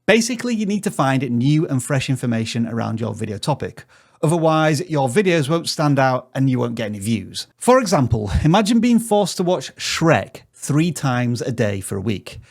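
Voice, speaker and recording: A man hosts a scripted tutorial, giving direct tips on growing a channel. His voice sits at an ordinary pitch but swings up and down with lots of life. He stays upbeat and drops in the odd joke. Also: big pitch swings, moderate pace, creaky. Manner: upbeat, joking, direct advice. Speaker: YouTube growth tutorial host.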